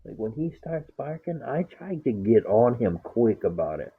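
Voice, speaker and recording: Husky, foul-mouthed man over a tinny line. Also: mid-range voice, big pitch swings, normal speed. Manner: rambling, swears a lot, acts out talk to his dog. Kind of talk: casual profane storytelling. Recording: tinny phone-like sound.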